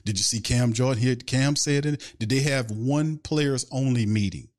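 A man's voice: medium pitch, normal speed, darkish tone. A man hosting a sports fan podcast, ranting in casual commentary with a stream of rhetorical questions and reading out viewer questions. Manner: takes viewer questions from chat.

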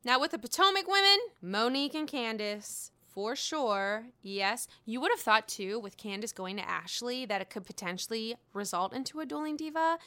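A woman's voice: on the high side, animated, normal speed, few pauses, sharp tone. A woman casually recapping a reality show, gossiping, swearing freely and often laughing.

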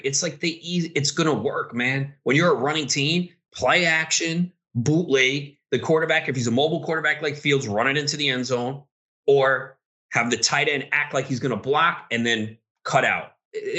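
Guy yelling at the game on a podcast, swears a lot, bright punchy voice. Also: mid-range voice, normal speed. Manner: excitable, profane, ranting at referees. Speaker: podcast co-host. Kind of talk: casual chat while watching a football game.

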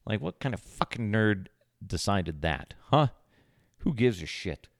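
A man with a deep, gravelly voice talks through a casual podcast monologue from his home desk. He jokes crudely and swears freely, and the sound is close and dry. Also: sing-song, unhurried, dry recording. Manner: crude, joking, profane. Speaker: podcast host. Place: home office, indoors. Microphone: podcast microphone.

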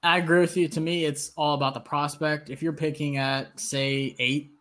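This man hosts a casual sports chat podcast. His voice sits a little higher than most men's. He talks with an eager, enthusiastic energy and laughs easily. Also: flat delivery, normal speed, a bit bright. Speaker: podcast host.

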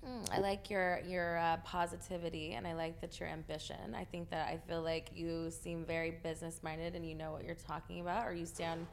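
A woman's voice: on the low side, level tone, brisk, vocal fry, hardly any pauses, slight background noise. Teasing, playful woman host. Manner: teasing, playful, laughs often. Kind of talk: casual interview chat.

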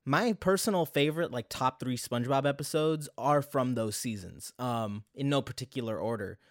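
A man's voice: medium pitch, normal speed, no room sound. Young male vlogger, casual nostalgic monologue, dry recording. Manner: conversational, many fillers and asides.

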